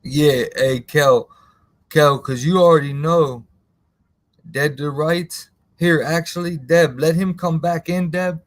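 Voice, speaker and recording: A man's voice: a little high, steady tone, slow, no room sound. A man hosting a live stream in casual, slangy talk, rambling and answering viewers in the chat by name.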